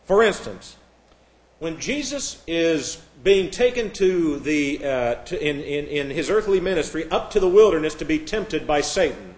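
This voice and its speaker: Man, Bible class teacher, slightly high voice, spells words out, echoey room. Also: expressive, measured pace. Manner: spells out words letter by letter, many restarts. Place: church classroom.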